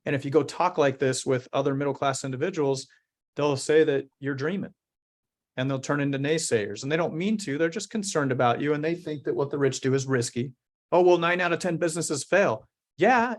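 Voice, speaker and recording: A company founder answering interview questions in an earnest, motivational way, slowing down to stress key points. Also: male voice, on the high side.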